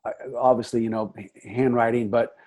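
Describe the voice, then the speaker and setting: A middle-aged man with a warm, darkish voice and a husky edge. He chats as a podcast guest about his work as an assistant director. His telling is lively and rambling, with plenty of restarts. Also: mid-range voice, brisk. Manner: lively, chatty storytelling with frequent laughs and restarts. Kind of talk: casual conversation.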